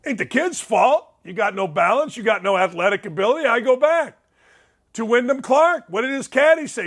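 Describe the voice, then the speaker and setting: A man's voice: very high-pitched, expressive, moderate pace. Blunt, wisecracking male show host. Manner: blunt, wisecracking, bursts into shouted disbelief. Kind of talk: casual reaction commentary on viral clips.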